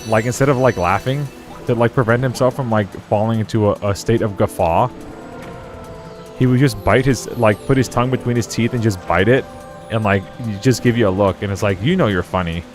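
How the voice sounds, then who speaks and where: Young guy rambling over his game, lowish voice, laughs a lot, music faintly behind. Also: fairly quick. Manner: rambling, chatty, laughs often. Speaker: gaming streamer. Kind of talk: casual let's play commentary.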